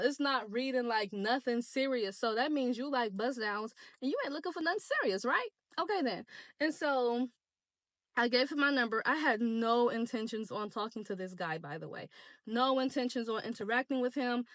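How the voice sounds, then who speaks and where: A young woman vlogger telling a casual storytime, animated, slangy and candid. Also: on the high side, no echo.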